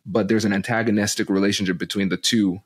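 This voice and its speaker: A man who is a negotiation expert, explaining ideas as a podcast guest in an animated, teacher-like way. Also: lowish voice, quick pace, breathy edge.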